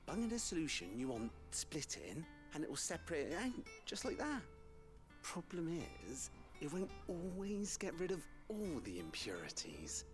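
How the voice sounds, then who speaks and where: An actor voicing a chatty male tinkerer with a West Country accent, high and nasal-sounding, folksy and wheedling, in a video game. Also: huge pitch swings, normal speed. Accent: West Country English. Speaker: game character. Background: game music.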